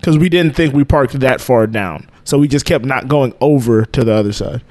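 A man's voice: medium pitch, normal speed, darkish tone. A man co-hosting a podcast, telling a long rambling story in casual chat and laughing often. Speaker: podcast co-host.

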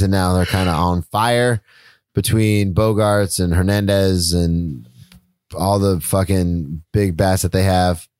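A man's voice: on the low side, a little mellow, smooth, no echo, clean studio sound. A man co-hosting a casual sports talk show, laid-back and swearing casually as he gives his picks. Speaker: sports podcast co-host.

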